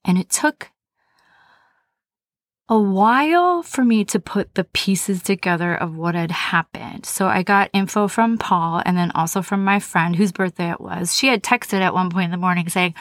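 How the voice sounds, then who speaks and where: A woman's voice: lowish voice, moderate pace, no echo, studio quality. A woman hosting a podcast, telling a personal story in a candid, conversational, self-deprecating way. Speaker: podcast host.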